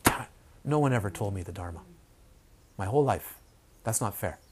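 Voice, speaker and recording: A man voicing an indignant elderly woman student who complains loudly that nobody told her sooner. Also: on the low side, animated, brisk, breathy edge, pitched below the performer's own voice. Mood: exasperated.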